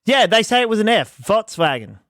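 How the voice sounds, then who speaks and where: A man's voice: sits high, big pitch swings, brisk, fairly bright tone. A man co-hosting a podcast in casual chat, with an Australian accent, insistently repeating himself. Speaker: podcast co-host.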